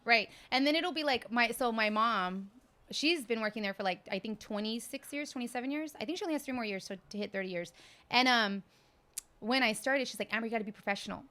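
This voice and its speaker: A woman's voice: fairly high pitch, fast, sharp tone. A young woman, a podcast guest and hospital worker, telling crude, joking stories in casual chat. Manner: joking, self-described vulgar storyteller.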